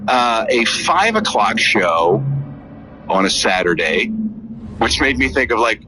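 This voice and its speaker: A man's voice: fairly low pitch, very animated, takes it slowly, background noise. A man co-hosting a podcast in casual chat, throwing in dry teasing quips. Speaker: podcast co-host.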